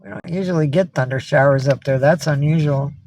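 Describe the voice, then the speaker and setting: A woman's voice: sits low, fairly quick, a little mellow, a little hiss or hum. Chatty, cussing woman livestreamer. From upstate New York. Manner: chatty, greets viewers by name, swears freely. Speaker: livestream host. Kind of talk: casual livestream chat.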